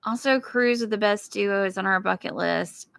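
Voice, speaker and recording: A woman co-hosting a relaxed live stream from her backyard. She talks chattily, reads viewer comments aloud and laughs often. Her voice has a bright, forward tone, and it sounds dry and close. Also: mid-range voice, moderate pace, creaky, no room sound. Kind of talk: casual live-stream chat. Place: backyard, outdoors.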